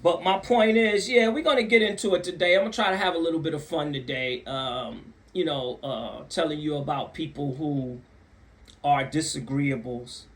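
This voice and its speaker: A man hosting his own channel tells a story casually to the camera at a moderate pace, his voice a bit bright. He repeats phrases for emphasis and acts out other people's voices with big jumps in pitch.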